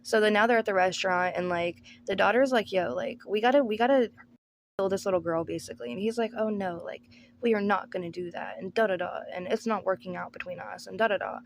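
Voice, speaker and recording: A woman's voice: medium pitch, steady tone, quick pace, vocal fry, a little hiss or hum. Sarcastic woman recapping a movie. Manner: sarcastic, profane, says "like" constantly. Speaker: movie reviewer. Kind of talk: casual movie recap commentary.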